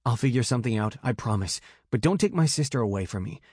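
A man's voice: mid-range voice, expressive, fast, darkish tone, breathy edge, no room sound, clean studio sound. A man voicing an intense, protective young man in an audiobook. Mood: pleading.

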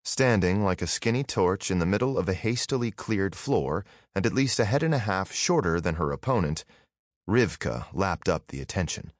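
A male audiobook narrator with a low voice and a lively, rolling pitch. He reads in a vivid storytelling style. The recording is close and dry, with no room sound. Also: moderate pace, no echo. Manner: expressive storytelling. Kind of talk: scripted narration.

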